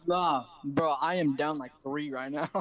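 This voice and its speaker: A man's voice: a little high, a little slow, crowd noise, poor audio. A man bantering and laughing with a streamer over voice chat, giving short teasing replies.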